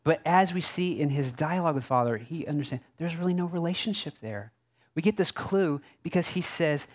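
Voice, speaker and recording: A man's voice: a little high, animated, a little fast. A male pastor preaching a sermon in a conversational way, with asides and rhetorical questions.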